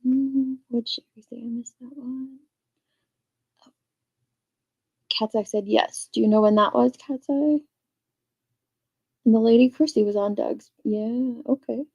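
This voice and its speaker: A woman's voice: fairly high pitch, measured pace, long pauses, darkish tone, slightly rough, lo-fi sound. A woman hosting a casual livestream, chatting and reading viewer comments aloud. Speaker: livestream host reading chat.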